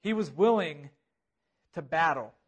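A man's voice: on the high side, lively intonation, unhurried, slightly rough. A man preaching a sermon, earnest and repetitive, building emphasis on key phrases. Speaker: pastor.

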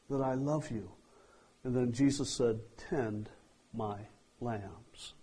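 A man preaching a sermon, slow and deliberate, acting out quoted dialogue and letting lines trail off softly. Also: mid-range voice, breathy edge, poor audio.

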